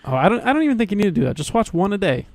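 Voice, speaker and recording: A young man co-hosting a podcast in casual chat, talking excitedly, swearing often and restarting his sentences. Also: high voice, racing. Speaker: podcast co-host.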